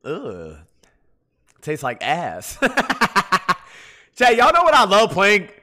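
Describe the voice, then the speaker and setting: High, bright-voiced rowdy streamer guy. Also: wildly swooping pitch, drawn-out words. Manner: profane, rowdy, talks straight to chat. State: tipsy from drinking. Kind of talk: casual gaming livestream chat.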